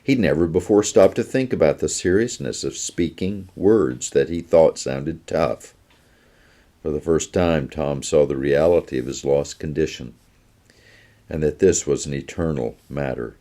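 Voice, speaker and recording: A man, a pastor, reading a children's story aloud in a steady storytelling manner. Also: rumbling low, a little slow.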